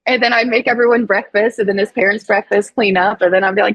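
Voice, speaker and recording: A woman's voice: medium pitch, normal speed, slightly rough, dry recording, low-quality recording. A woman in her thirties from St. Louis, a doctor guest telling her story in an interview, acting out quoted dialogue with casual swearing. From St. Louis, USA. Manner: animated, acts out quoted dialogue with swearing and laughs.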